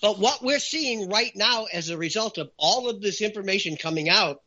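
Emphatic man with a bright, lively voice. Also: high voice, moderate pace, lo-fi sound. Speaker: talk show guest. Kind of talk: animated opinion talk.

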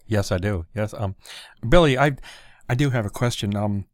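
A male radio host asking a question in a hesitant, halting way. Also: on the low side, dry recording, studio quality.

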